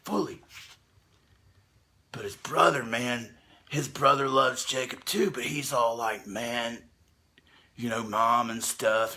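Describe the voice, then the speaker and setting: A man's voice: medium pitch, bright, forceful tone, breathy edge. A man telling a rambling, profane comic recap in a laid-back way, with laughing asides. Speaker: storyteller.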